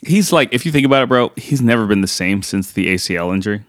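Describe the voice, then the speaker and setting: A man in his thirties co-hosting a casual soccer chat, talking in an animated, rambling way with lots of fillers and restarts. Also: lowish voice, fast. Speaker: podcast co-host.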